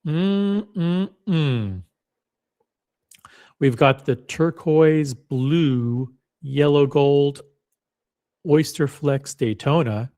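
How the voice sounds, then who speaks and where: He talks very slowly and pauses often, his warm voice sitting on the high side. As host of a watch channel, he browses listings on screen and reads them out in a wry, musing fashion during casual screen-share commentary.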